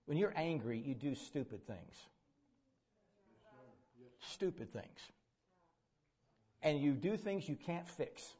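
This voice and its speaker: A man preaching a sermon, folksy and dramatic, acting out quoted figures. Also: fairly high pitch. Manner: folksy, voices quoted figures, bursts into shouting.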